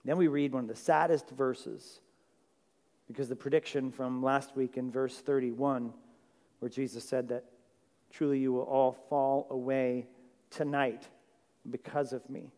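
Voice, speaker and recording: A man's voice: medium pitch, steady tone, a little slow, a little mellow. A male pastor preaching a sermon in a chatty, conversational way, checking in with his listeners. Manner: conversational, asks the audience questions. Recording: long hall reverb.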